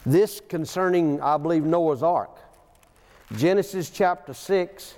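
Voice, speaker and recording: Here a man with a darkish voice on the high side preaches slowly in a church sanctuary, and the room lends a long reverb. His sermon is folksy, with stories, chuckling asides and scripture read aloud.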